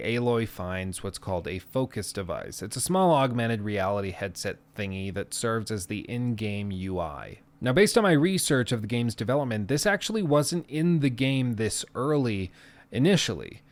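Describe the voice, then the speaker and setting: A man giving scripted commentary with casual, self-deprecating asides, in an analytical, conversational way. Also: medium pitch. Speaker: video essayist.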